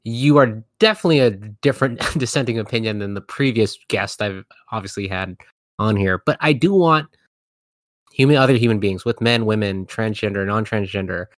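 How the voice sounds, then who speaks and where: A man's voice: on the low side, normal speed, dry recording, studio quality. Chatty, rambling man hosting a podcast. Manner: chatty, rambling, laughing, filler-heavy with "like". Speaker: podcast host. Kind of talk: casual chat interview.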